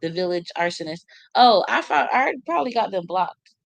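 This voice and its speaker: Speaking AAVE with vocal fry, this woman reads her livestream comments aloud and talks trash in response, blunt and heavy on the cussing. Her medium-pitched voice has lively intonation at a moderate pace. The close recording is dry.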